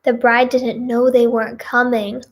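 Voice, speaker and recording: A woman's voice: a little high, flat delivery, measured pace. A woman giving casual reaction commentary, reading posts aloud with giggly, exclamatory remarks. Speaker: singer and video creator.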